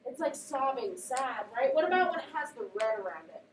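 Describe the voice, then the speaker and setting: High-voiced teacher in an echoey classroom. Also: female voice, a little fast. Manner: animated, questioning students. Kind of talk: classroom read-aloud and discussion. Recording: echoey classroom, voice from a distance, faint background noise.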